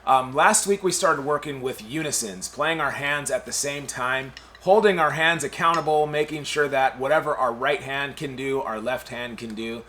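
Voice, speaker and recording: A man's voice: mid-range voice, moderate pace, few pauses, pushed and bright, slight background noise. A man teaching a recorded drum lesson in an upbeat way, walking students through each exercise. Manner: upbeat, repeats "we're gonna jump into".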